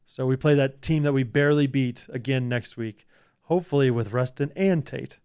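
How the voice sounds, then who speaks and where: A man's voice: mid-range voice, moderate pace, a little mellow, smooth. A young man co-hosting a podcast, chatting casually and leaning on "like" and "I mean". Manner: chatty, filler-heavy, lots of "like" and "I mean". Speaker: podcast co-host. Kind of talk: casual chat.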